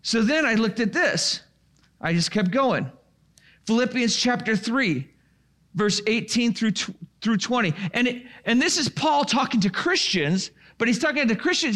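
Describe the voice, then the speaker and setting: A male preacher with a strikingly high voice delivers a sermon. He works through his points by putting questions to the listeners and answering them himself. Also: animated, moderate pace, a bit bright. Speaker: pastor.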